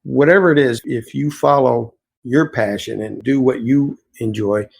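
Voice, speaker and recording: A man's voice: mid-range voice, moderate pace, creaky, breathy edge, low-quality recording. A man, an innkeeper, earnestly telling reflective, rambling stories as an interview guest. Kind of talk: storytelling interview answers.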